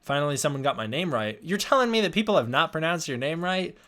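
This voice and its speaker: A man's voice: on the high side, big pitch swings, fast, pushed and bright. A young man hosting a casual livestream, rambling as he reads and answers chat, sounding tired. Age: young adult. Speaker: livestream host.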